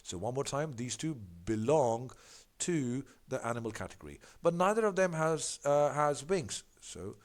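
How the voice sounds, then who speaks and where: A man's voice: mid-range voice, normal speed. A man working through exam practice questions as a tutor. He talks in an emphatic way, stumbles and corrects himself often, and keeps repeating catchphrases. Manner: animated, emphatic, repeats catchphrases like "big fat no".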